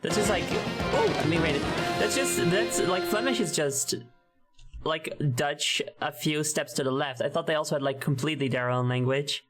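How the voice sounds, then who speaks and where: A man with a fairly high voice chats through a gaming stream, rambling and tripping over his own sentences. He giggles often and talks in a loose, easygoing way. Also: normal speed, fairly bright tone, soft background music. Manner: rambling, self-interrupting, giggly. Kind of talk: casual gaming stream chat.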